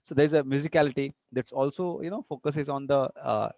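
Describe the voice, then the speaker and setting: A man's voice: medium pitch, a little fast, creaky, darkish tone, no echo, dull audio. A man teaching an online class, repeating example sentences and often checking that students follow. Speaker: English teacher.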